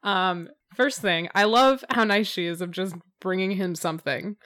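A woman co-hosting a podcast, chatting casually and enthusiastically, halting often with ums. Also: mid-range voice, a bit bright. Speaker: podcast co-host. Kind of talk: casual chat.

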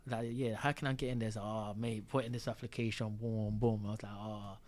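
A man's voice: lowish voice, flat delivery, a little fast, darkish tone. A man, a podcast guest telling a story in casual, slang-heavy chat and acting out the quotes.

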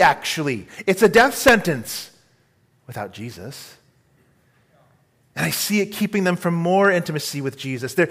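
A middle-aged male pastor preaching in a church, his voice sitting a little high for a man. He speaks earnestly and tenderly, and keeps turning to the congregation with questions. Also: a bit bright. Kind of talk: sermon.

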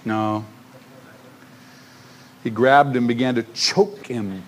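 A man preaching a sermon as pastor, retelling a parable with lively emphasis and acted-out voices. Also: medium pitch, takes it slowly.

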